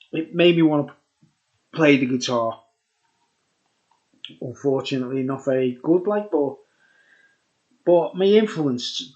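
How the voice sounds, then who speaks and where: A man's voice: fairly high pitch, highs cut off. A tipsy man rambling through a casual beer review, chuckling often and dropping conspiratorial asides.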